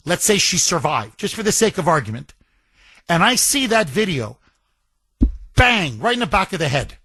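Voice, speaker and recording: Emphatic high-voiced talk radio man. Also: bright, forceful tone, dry recording. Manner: emphatic, repetitive, indignant. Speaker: radio talk show host. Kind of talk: opinion talk radio monologue.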